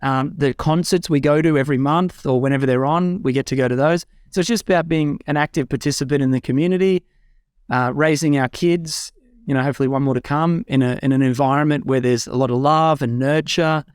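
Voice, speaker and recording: A man's voice: fairly high pitch, brisk, clean tone, no echo, clean studio sound. A young adult man talking casually and enthusiastically as a guest, with frequent fillers and restarts. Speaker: guest speaker. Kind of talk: casual talk. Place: home in a rural eco-village.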